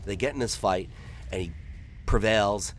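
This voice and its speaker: A man's voice: on the low side, a little slow, a little hiss or hum. A man doing gameplay commentary, telling a long rambling joke and acting out the characters in raised voices.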